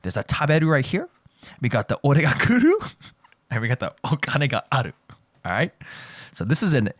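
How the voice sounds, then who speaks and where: A man's voice: mid-range voice, very animated, moderate pace, dry recording. A man giving a casual, joking language lesson, teasing his students and repeating points as he goes. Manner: playful, teasing, repeats and self-corrects. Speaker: Japanese language teacher.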